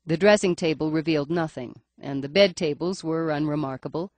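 A woman's voice: low voice, brisk, no echo. A woman reading a first-person audiobook in a wry, dry storytelling manner. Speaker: audiobook narrator.

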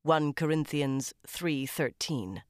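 A woman narrating a crime novel audiobook in the first person with a measured, even-paced reading. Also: deep voice, dry recording, clean studio sound.

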